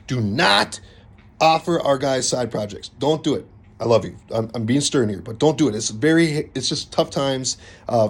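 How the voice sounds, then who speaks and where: A man from a contracting company casually walking clients through a contract, joking and mildly stern. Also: medium pitch. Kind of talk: casual explanatory walkthrough.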